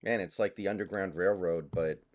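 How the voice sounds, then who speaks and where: A man streaming a game, chatting casually and answering chat, laid-back and halting with fillers. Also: low voice, steady tone, darkish tone.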